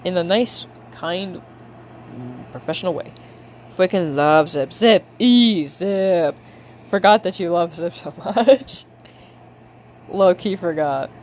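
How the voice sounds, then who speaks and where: A young woman with a lowish, slightly mellow voice draws on a livestream and talks slowly with her chat. Her tone is playful and slangy as she makes a big show of being frustrated. Some light background noise can be heard.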